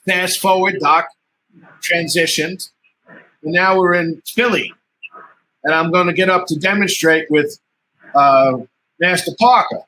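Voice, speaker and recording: A man's voice: high-pitched, a little slow, pauses often, a little hiss or hum, low-quality recording. A man, a martial artist telling stories in a casual interview, laughing often and acting out what others said. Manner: animated storyteller, laughs often, acts out quoted dialogue.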